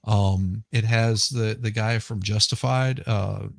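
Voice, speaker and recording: A man with a low, gravelly voice talks in a loose, rambling way, restarting sentences as he hunts for names. The sound is dry and close. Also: fairly even intonation, slow, no echo. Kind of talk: casual chat.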